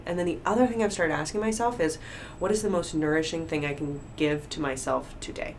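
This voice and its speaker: A woman talking openly in a casual conversation, telling personal stories with lively acted-out quotes. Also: deep voice, fairly quick. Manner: open, animated storytelling with acted-out quotes. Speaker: guest. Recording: faint background noise.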